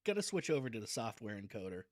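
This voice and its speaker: A man's voice: lowish voice, very animated, fast, no room sound, studio quality. A man chatting casually on a livestream before reading a novel aloud. He is self-deprecating and restarts his sentences often.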